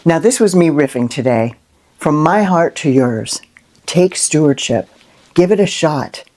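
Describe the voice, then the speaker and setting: A middle-aged woman hosting a Christian inspirational video, talking unscripted and from the heart, with lively rhetorical questions and frequent "right?". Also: low-pitched, unhurried. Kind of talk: unscripted heartfelt monologue to camera.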